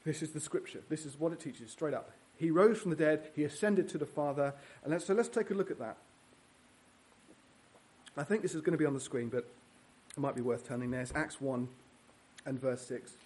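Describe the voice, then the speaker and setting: A man's voice: on the high side, a little fast, darkish tone. A man preaching a sermon in a church, earnest and teaching verse by verse with fillers and restarts.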